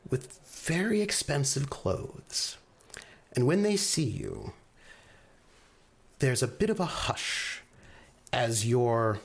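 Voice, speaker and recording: A man narrating a tabletop role-playing scene as game master, in a halting, loose way with many pauses. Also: medium pitch, gravelly, breathy edge. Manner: halting, many fillers and restarts.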